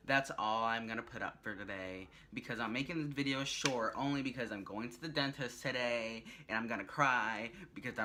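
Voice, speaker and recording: A young man vlogging, telling a rambling story in a chatty, animated way. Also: medium pitch, a little hiss or hum. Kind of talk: casual storytelling vlog.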